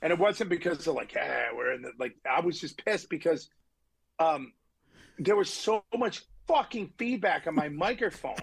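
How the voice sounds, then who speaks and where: A middle-aged man, a musician guest on a podcast, tells road stories in a casual, animated and profane way. He acts out the people he quotes. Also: on the high side, moderate pace, slightly rough, no room sound, rough recording. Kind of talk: casual storytelling chat.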